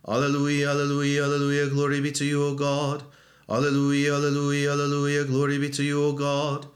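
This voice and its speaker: A man reading and chanting psalms in a church service, with steady monotone intoning. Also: fairly high pitch, moderate pace.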